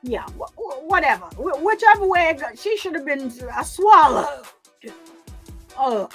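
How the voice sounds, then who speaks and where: Woman, high voice, casual livestream crime commentator, emphatic and repetitive, faint music underneath. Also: sing-song, measured pace. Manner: emphatic, repeats words, talks back to chat.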